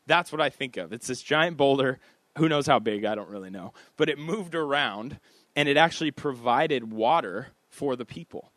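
A man's voice: mid-range voice, fairly bright tone, dry recording. A man preaching a casual expository sermon, talking in a conversational, self-deprecating way with offhand asides.

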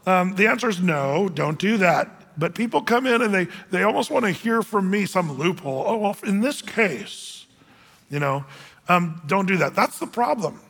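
A man preaching to his congregation in a chatty, unpolished way that doubles back on itself and repeats words as he goes. His voice sits high and sounds bright and forceful. A long reverb trails after it through the hall. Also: animated, normal speed, gravelly. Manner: conversational, restarts and repeats words. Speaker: pastor. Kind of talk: sermon.

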